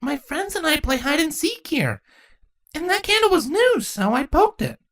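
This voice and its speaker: A woman's voice: high-pitched, very animated, normal speed, a bit bright, pitched above the performer's own voice. A woman voicing a tiny, curious changeling girl in a storybook reading, with a sweet, innocent manner.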